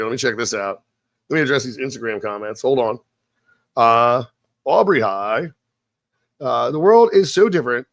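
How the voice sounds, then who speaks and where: Medium in pitch and fairly bright, this live-stream host's voice comes through in a dry, clean studio recording. He moves between casual talk and profane, rambling rants, later reading scripted narration slowly.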